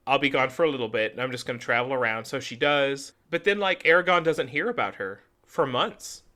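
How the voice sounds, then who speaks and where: A man's voice: mid-range voice, lively intonation, brisk, pushed and bright. A young adult man co-hosting a podcast, chatting casually and acting out characters' lines as he retells a story. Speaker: podcast co-host. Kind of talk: casual chat.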